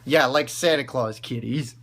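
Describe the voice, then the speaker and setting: A man's voice: medium pitch, unhurried, a bit bright. A man giving casual, enthusiastic commentary over video clips, explaining as he goes. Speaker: video reviewer.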